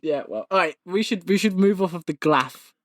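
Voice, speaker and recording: A man's voice: high-pitched, expressive, moderate pace, fairly bright tone, no echo, clean studio sound. A young man co-hosting a podcast in casual chat, teasing and laughing often. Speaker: podcast co-host.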